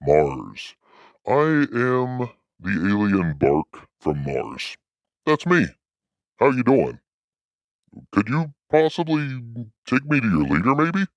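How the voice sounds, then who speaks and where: A man's voice: medium pitch, sing-song, slow pace, dry recording, dull audio. A man using a voice changer effect to voice a friendly male alien from Mars, speaking in a casual, jokey way. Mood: playful.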